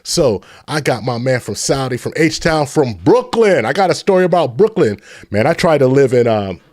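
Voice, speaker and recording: A middle-aged man from the Bay Area hosting a casual live stream, telling rambling stories and shouting out viewers. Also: medium pitch, very animated, normal speed, few pauses, no echo, clean studio sound. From San Francisco Bay Area.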